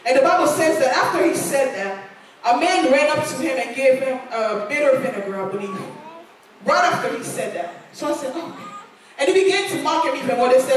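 A woman's voice: high-pitched, expressive, normal speed. A woman preaching a sermon in a church, earnest and repeating lines for emphasis. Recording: echoey church hall, voice from far off.

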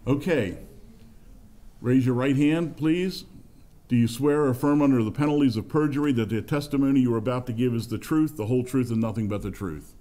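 A man's voice: medium pitch, a little fast, mellow. A man chairing a zoning appeals hearing in a public meeting room, explaining the procedure in a formal way and often restarting his sentences. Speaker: board chairman.

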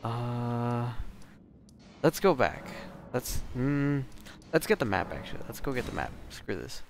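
An excitable man gives casual let's-play commentary, swearing and exclaiming often. His voice has a gravelly fry, and he talks at an unhurried pace. Faint noise sits behind him. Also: medium pitch. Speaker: gamer.

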